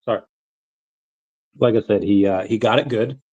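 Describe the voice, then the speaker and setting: A man hosting a casual crypto livestream, rambling in a relaxed way with many fillers and bouts of hiccups. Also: on the low side, a little fast, breathy edge, dull audio. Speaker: crypto channel host.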